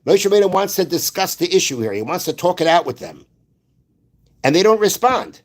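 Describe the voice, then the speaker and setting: Un hombre da una clase religiosa como rabino y explica los versos con calma, citando textos antiguos y repitiendo frases para aclararlas. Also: male voice, high-pitched. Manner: explains slowly, repeats phrases, quotes Hebrew verses. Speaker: rabbi. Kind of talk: Torah class.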